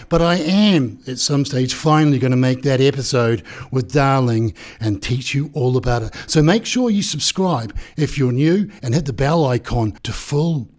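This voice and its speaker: A man's voice: medium pitch, darkish tone. A man hosting a comedic true crime show, sarcastic and profane, talking straight to his viewers. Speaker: true crime channel host.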